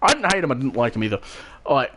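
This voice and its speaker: A man's voice: medium pitch, big pitch swings, fast, sharp tone. Rambling young New man. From New Zealand. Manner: rambling, restarts and swears, acts out quotes. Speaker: channel host. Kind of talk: casual storytelling while gaming.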